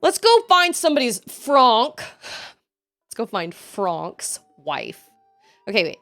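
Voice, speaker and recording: A chatty woman in her thirties talks casually while she plays, answering her chat. Her voice moves up and down a lot as she talks. Soft background music plays under her voice. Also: a little high, very animated, slow pace. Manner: chatty, reads chat aloud, laughs often. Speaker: streamer.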